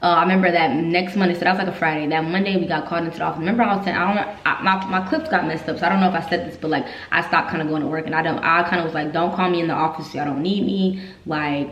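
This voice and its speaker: A woman recounts her own story in a candid, heartfelt rush. Her voice sits on the low side and the room around her rings with echo. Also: steady tone, racing, few pauses, a bit bright. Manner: emotional, candid, repeats herself when upset. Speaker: vlogger telling her army story. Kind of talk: casual storytelling vlog. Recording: echoey room.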